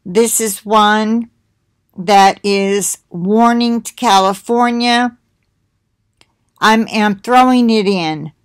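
A woman's voice: medium pitch, extremely slow, no echo. A middle-aged woman hosting her own video, chatting to viewers in a rambling way and reading titles aloud with asides. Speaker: video host sharing links. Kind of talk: casual monologue to viewers.

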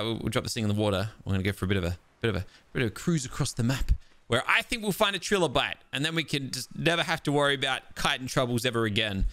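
A young man giving excitable let's-play commentary as he plays a survival game, chatting to his tamed creatures and breaking into exasperated outbursts. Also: medium pitch, no room sound. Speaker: gaming video host. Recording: game music playing behind.

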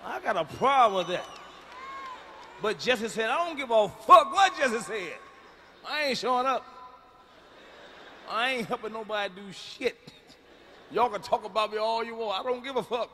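A middle-aged man doing a profane, blunt stand-up routine, booming out his punchlines live in a large venue. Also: expressive, moderate pace, long pauses, bright, forceful tone, a little hiss or hum. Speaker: stand-up comedian. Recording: live stage mic in a reverberant arena.

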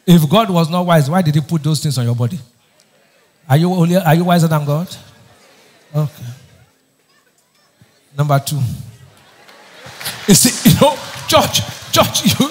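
A man's voice: a little high, expressive, a little slow, pauses often, slight background noise. A man preaching a sermon as pastor, firing questions back at the congregation for them to answer. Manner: call-and-response questions to the congregation; emphatic preaching, often raising his voice.

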